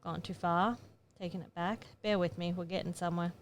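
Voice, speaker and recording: A woman's voice: on the low side, steady tone, brisk. A woman photographer casually narrating her editing steps, chatty and thinking aloud as she works. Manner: chatty, muttering to herself while working. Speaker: photographer giving an editing tutorial.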